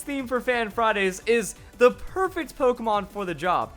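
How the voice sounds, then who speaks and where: A man giving excited play-by-play commentary on a video game battle, his voice going hoarse. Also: very high-pitched, faint music behind. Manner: hype, rapid play-by-play with exclamations. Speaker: gaming YouTuber.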